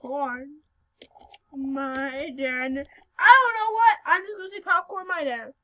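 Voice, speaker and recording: A female speaker giving casual gameplay commentary, giggly and excitable, breaking into sudden loud outbursts. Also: sits high, measured pace, poor audio. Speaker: gaming video host.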